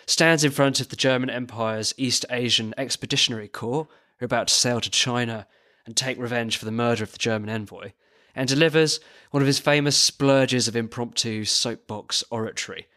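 A man's voice: mid-range voice, fairly even intonation, a little fast, bright, forceful tone. A British man co-hosting a history podcast, with scripted narration and a dry, wry delivery. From Britain. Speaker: podcast co-host.

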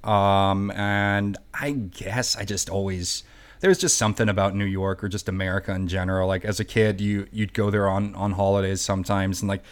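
A man's voice: low-pitched, level tone, moderate pace, smooth. A young man from Germany, a guest comedian, chatting easygoing and laid-back over a video call, saying "like" a lot. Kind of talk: casual interview chat.

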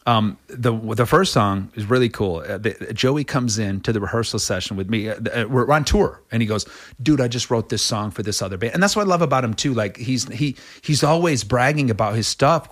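Middle-aged male rock singer, interview guest, bright and forceful tone, loose rambling storyteller. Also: expressive, brisk. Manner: rambling, many restarts, acts out quotes in a much higher voice. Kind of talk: animated casual interview storytelling.

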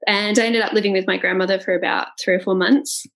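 A young woman chats on a podcast. She talks in a lively, giggly way at a middle pitch, slipping into little imitations as she goes. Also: quick pace, low-quality recording. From Australia. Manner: chatty and giggly, mimics accents. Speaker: podcast co-host. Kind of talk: casual chat.

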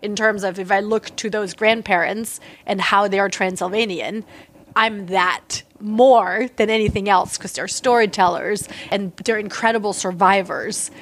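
A woman's voice: medium pitch, steady tone, unhurried, fairly bright tone. Candid, emphatic woman in her forties. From Germany. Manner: candid and emphatic, many fillers. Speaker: interviewee, artist. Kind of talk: casual conversational interview.

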